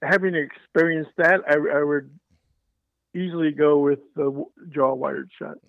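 A man's voice: fairly high pitch, steady tone, unhurried, vocal fry, no echo. A man, a guest on a casual podcast, telling a story in a hesitant, rambling way over a remote call. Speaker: guest game designer. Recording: dry muffled remote call audio.

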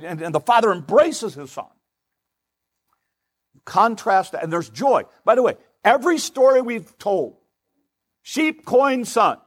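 A man's voice: sits high, slightly rough. A male pastor preaching a sermon in an emphatic, conversational way, often repeating words for stress.

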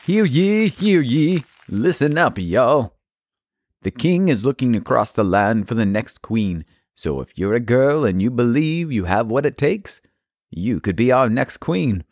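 A man doing a loud slangy royal herald. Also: medium pitch, very animated, unhurried, dry recording. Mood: proclaiming. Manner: proclaiming, slangy. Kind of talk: homemade kids' Bible story acting.

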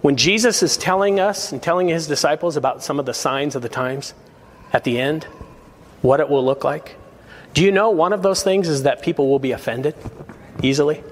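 At moderate pace, a pastor from the United States preaches an earnest, exhorting sermon from the pulpit, his voice slightly high for a man. He chuckles briefly between points while the sanctuary's long reverb hangs on each word.

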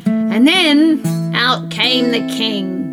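A high-voiced woman telling a story to a group of children. She is animated, gasping in surprise and turning to her listeners with questions. Loud guitar music plays behind her. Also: very slow.

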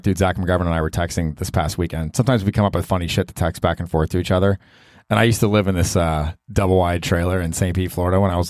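A man with a deep voice hosts a casual solo podcast from his apartment. He rambles and pokes fun at himself, now and then jumping into mock voices. The sound is close and dry, with no room around it. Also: a little mellow, no room sound. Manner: rambling and self-deprecating, with bursts of mock voices. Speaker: podcast host.

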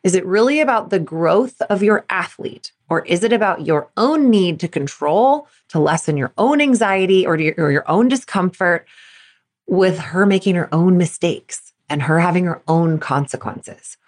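Woman podcast host, thirties, slightly low pitch, candid storytelling, solo talk. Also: animated, normal speed. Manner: candid storytelling, acts out her past self in quotes. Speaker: podcast host, performance coach.

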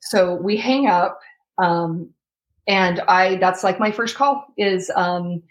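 A woman's voice: fairly low pitch, slow pace. A young adult woman, an interview guest, recounting a frightening ordeal in an earnest, sometimes tearful way. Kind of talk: emotional storytelling.

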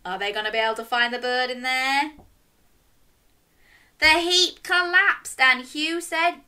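A young woman reading a children's story aloud and running games, speaking directly to young children in an animated way. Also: a little high, slow pace, clear, resonant tone.

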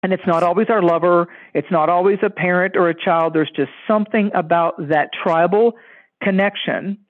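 A man with a high-pitched voice chats loosely and tells stories, slipping into the voices of people he quotes. His voice comes through a thin, narrow line, as if over a phone. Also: moderate pace. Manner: animated, acts out quoted voices. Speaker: podcast guest. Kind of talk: casual storytelling chat.

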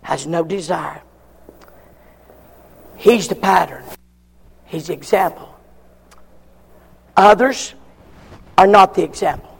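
A man's voice: high voice, slow, gravelly, long pauses, slightly rough, big-room sound. A man preaching a fervent sermon in a church, calling for amens between points. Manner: fervent preaching with frequent call-and-response amens.

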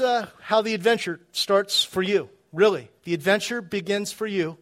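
A man's voice: high voice, fairly even intonation, normal speed, hardly any pauses. A middle-aged man preaching a sermon in a church, in a conversational way with chuckling asides and frequent restarts. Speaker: pastor.

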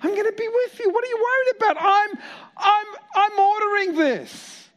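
A man's voice: very high voice, moderate pace, a bit bright, voice pushed up. A man voicing God as a reassuring, commanding male figure, emphatic and repeating his phrases. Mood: insistent.

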